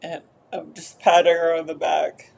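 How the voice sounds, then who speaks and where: A woman therapist narrating an inner therapy session in a soft, hesitant way, with many fillers. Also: sits low, little pitch movement, normal speed, creaky.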